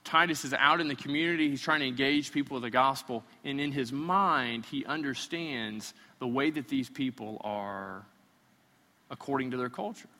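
A man's voice: mid-range voice, normal speed, sharp tone, in a large hall. A man preaching a sermon in a conversational way, sometimes acting out imagined voices. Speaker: pastor.

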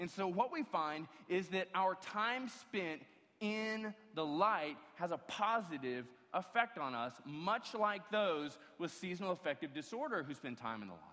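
A man's voice: on the high side, sharp tone. A man preaching a sermon as pastor, emphatic and given to repeated restarts. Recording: long hall reverb.

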